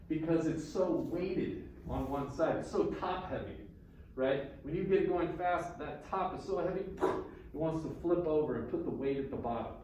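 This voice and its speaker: A man's voice: a little high, darkish tone. A male guitar instructor giving a classroom lesson, counting beats aloud and explaining with questions. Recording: echoey room with faint ambient noise.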